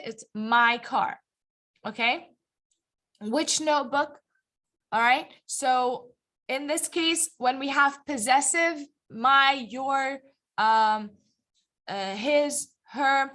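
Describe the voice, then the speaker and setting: A woman's voice: sits high, pushed and bright. A woman teaching an English grammar lesson to a live class, patiently explaining and often stopping to ask the students whether they follow. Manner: checks understanding often, asking the class questions; patient, encouraging. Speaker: ESL teacher. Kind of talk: live classroom lecture, also streamed online.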